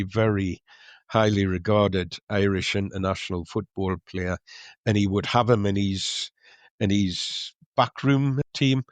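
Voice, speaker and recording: Lowish halting male podcast voice. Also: no echo. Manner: halting, restarts often. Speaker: podcast co-host. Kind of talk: casual storytelling chat.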